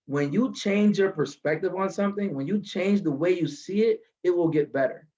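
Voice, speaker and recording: A man telling a motivational story from his car, animated and building to a lesson, over a video call. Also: sits high, moderate pace, muffled recording. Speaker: guest speaker.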